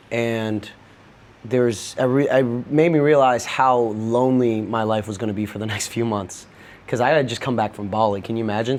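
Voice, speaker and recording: A man's voice: fairly low pitch, darkish tone. A young man on a podcast, candidly telling a personal story in a loose, rambling way, peppered with swearing. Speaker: podcast guest.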